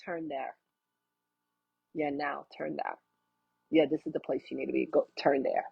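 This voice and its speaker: A low, hushed inner voice of intuition, put on by a woman, that gives terse, calm commands with no explanation. It drops well below her usual pitch and stays soft and close, with some breath in it. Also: unhurried, vocal fry, breathy edge, dry recording, lo-fi sound, exaggerated voice. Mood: directive.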